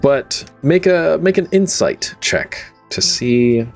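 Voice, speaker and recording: A man's voice: a little high, big pitch swings, slow, vocal fry, soft background music. A young man running a tabletop game as game master, narrating casually at home into his own microphone, rambling with lots of "like" and "um" and laughing easily.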